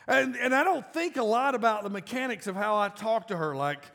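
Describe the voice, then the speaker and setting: Emphatic high-voiced male pastor preaching. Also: lively intonation, a little fast, gravelly. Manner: conversational and emphatic, with sudden loud bursts. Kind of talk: sermon. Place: large church auditorium. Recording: live church sound with long reverb.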